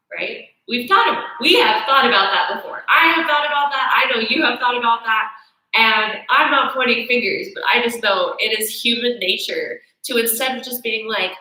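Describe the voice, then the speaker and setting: A woman yoga teacher in a casual teaching talk, chatty and animated, acting out people's inner thoughts. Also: fairly high pitch, normal speed. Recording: very echoey room.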